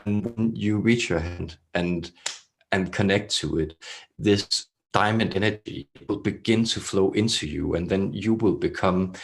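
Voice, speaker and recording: A man speaking as a calm, benevolent alien collective consciousness, in a throaty voice with slow, measured delivery and long pauses. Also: low voice, vocal fry. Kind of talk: channeled spiritual message.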